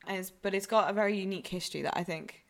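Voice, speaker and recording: A woman's voice: medium pitch, fast talker. A young woman with a northern English accent from the Newcastle area, co-hosting a casual podcast chat and rambling with fillers and restarts. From Newcastle, northern England. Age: young adult. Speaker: podcast co-host, university student.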